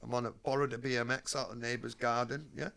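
Man, gravelly voice, mid pitch, blunt streetwise storytelling, interview guest. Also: flat delivery, fast, bright, forceful tone. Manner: blunt, streetwise, swearing freely.

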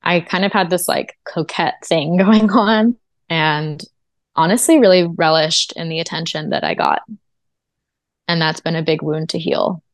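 Low-voiced and steady, a woman tells her own story as a guest on a podcast interview, speaking at a measured pace. She's earnest and reflective, with frequent fillers, and the recording is dry.

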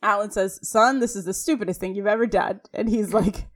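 A woman co-hosts a casual podcast and walks through a sitcom episode scene by scene. She rattles off quoted lines quickly and animatedly, with a light conversational tone. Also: mid-range voice, fairly even intonation. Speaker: podcast co-host. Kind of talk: casual recap chat.

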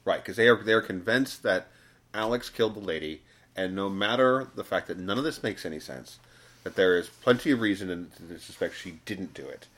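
A man co-hosting a casual podcast chat, adding wry comments and quick asides. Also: sits low, expressive, a bit bright. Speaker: podcast co-host.

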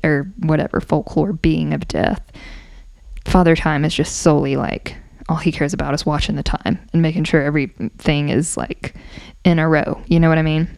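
A hoarse woman with a lowish, gravelly voice talks through a casual explainer, chatty and quick to correct herself. She sounds a bit out of breath. The recording is close and dry, with no room sound. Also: a little mellow, no echo. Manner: chatty, self-correcting, with asides and laughs. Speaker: podcast host explaining folklore.

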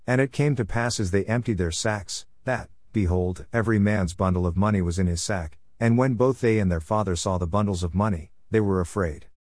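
A man reading scripture aloud in a steady, measured way, giving the archaic text an even delivery. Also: fairly low pitch, no echo, studio quality. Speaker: scripture reader.

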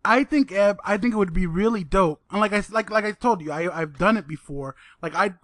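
A man's voice: high-pitched, a little fast, fairly bright tone, no echo. A young man co-hosting a podcast, talking casually and hesitantly with lots of restarts. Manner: hesitant, repeats words, laid-back. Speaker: podcast co-host. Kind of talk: casual chat.

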